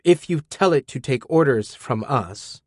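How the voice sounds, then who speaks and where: A man's voice: medium pitch, expressive, measured pace, husky, no echo, studio quality, voice pushed up. A man voicing a brusque, pushy corporate man in an audiobook. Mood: demanding.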